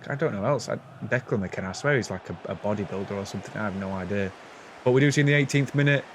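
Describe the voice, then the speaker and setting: A man's voice: mid-range voice, a little hiss or hum. A young man, chatting casually and self-deprecatingly through his football game footage. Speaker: gaming YouTuber. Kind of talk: casual gameplay commentary.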